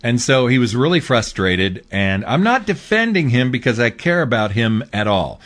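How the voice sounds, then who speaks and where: A man's voice: medium pitch, big pitch swings, moderate pace, a bit bright. A man hosting his own show, talking through a political commentary monologue in a casual, rambling way with fillers. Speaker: host.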